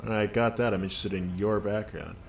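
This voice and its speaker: A low-voiced man streaming a role-playing game, reading narration aloud and dropping dry asides in between. His tone stays relaxed and wry, with faint noise hanging under the recording. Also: fairly quick, creaky. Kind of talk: casual gameplay commentary and reading game text.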